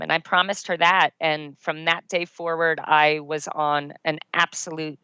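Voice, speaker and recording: Woman, middle-aged, low voice, dry lo-fi podcast audio, earnest self-mocking storytelling. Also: a little slow, clean tone, no echo. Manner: earnest, animated storyteller who laughs at herself. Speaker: podcast guest. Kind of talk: personal storytelling in an interview. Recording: dull, dry lo-fi podcast recording.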